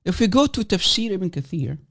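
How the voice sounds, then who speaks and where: Male stream host, taunting and playful, fairly high voice that swings widely. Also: sing-song, a little fast, vocal fry, fairly bright tone. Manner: mocking and provocative, repeats and teases. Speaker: livestream host. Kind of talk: casual livestream chat taking guests.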